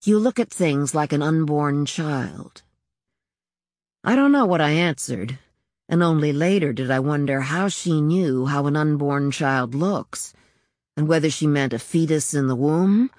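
A woman reads a story aloud in a low, measured voice, reflective and unhurried. The recording is close and dry, with no room sound around her. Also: a little mellow, no echo. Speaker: audiobook narrator. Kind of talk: scripted narration.

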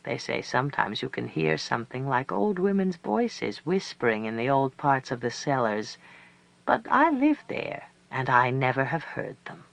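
A storyteller reading a story aloud in a measured way, slowing down for emphasis. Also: medium pitch, gravelly, a bit bright, rough recording. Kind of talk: scripted narration of a story.

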